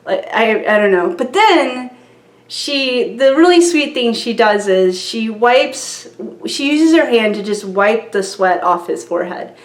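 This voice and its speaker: A woman's voice: on the high side, animated, unhurried, roomy sound. A young woman vlogger telling a casual story to camera, rambling with lots of fillers and giggles.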